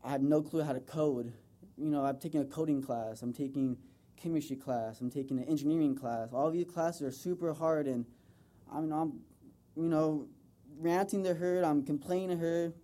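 Here the young American man's pitch sits fairly high, his tone mellow and his pace moderate. He delivers a sincere, wandering tribute to his mother in front of a group, leaning heavily on fillers in this casual public talk.

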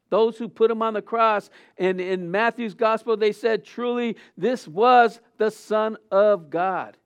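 Man preaching a loose, rambling sermon. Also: high-pitched. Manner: rambling, with many fillers and restarts; voice swells on quoted lines. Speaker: pastor. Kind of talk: casual Easter sermon.

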